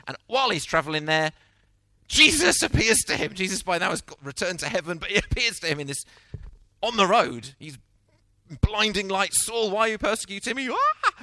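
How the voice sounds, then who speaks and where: Guy preaching, middle-aged, bouncy up-and-down voice, bright tone, dry sound. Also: a little high, no echo. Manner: animated storytelling, acting out quotes. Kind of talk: sermon.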